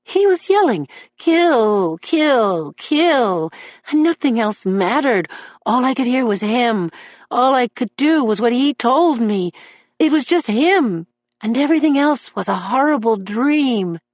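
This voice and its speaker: A man's voice: very high voice, sing-song, slow pace, no echo, highs cut off, voice pushed up, full character voice. A woman reading an audiobook voices a troubled young man on trial, testifying in a raw, pleading way about the voices that haunt him. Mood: tormented. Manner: anguished, raw and pleading, breaking into shouts. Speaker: defendant testifying in court.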